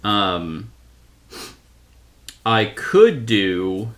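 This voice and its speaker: Slow, low-voiced man thinking aloud. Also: sing-song. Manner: thinks aloud, reads card text, self-correcting. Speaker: board game reviewer. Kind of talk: solo tabletop playthrough.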